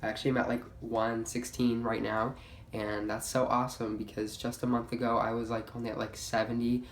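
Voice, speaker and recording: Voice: medium pitch, level tone, brisk, slight background noise. Chatty young vlogger in a roomy echo. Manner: chatty, heavy on "like" fillers, swears freely. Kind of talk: casual storytime monologue.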